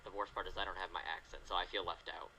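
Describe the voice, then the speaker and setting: Fast, bright-voiced joking man. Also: low voice, little pitch movement, creaky, slight background noise, poor audio. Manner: quick, joking and swearing. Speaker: guest reviewer. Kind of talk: casual chat.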